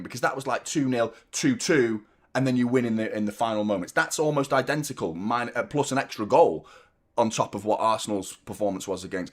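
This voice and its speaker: A man casually chatting as host of a live football fan stream, self-mocking and reading out viewer messages. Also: mid-range voice. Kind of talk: casual live watchalong chat.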